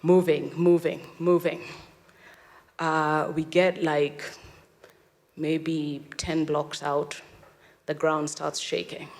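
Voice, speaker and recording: A woman's voice: sits low, flat delivery, slow pace, pauses often. A woman from Kenya with a Kenyan accent, giving a dramatic storytelling talk and acting out the voices she quotes. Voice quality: vivid, acts out quoted voices. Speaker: speaker. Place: event hall. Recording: long reverb of a hall.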